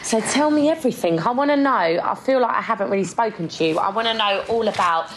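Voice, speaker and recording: A woman's voice: medium pitch, quick pace, slight background noise, rough recording. A young woman co-hosting a casual chat, teasing and enthusiastic. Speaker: podcast co-host.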